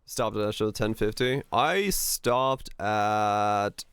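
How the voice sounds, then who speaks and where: Relaxed low-voiced male streamer. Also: slow, clear, resonant tone, dry recording. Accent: neutral American, broadcaster-like. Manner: relaxed, rambling, many fillers. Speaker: livestreamer. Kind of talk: casual chat while gaming.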